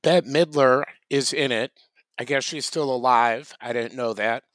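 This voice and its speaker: A man's voice: mid-range voice, unhurried, a bit bright, no room sound. A man co-hosting a podcast, chatting casually with dry, wry asides. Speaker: podcast co-host. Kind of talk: casual chat.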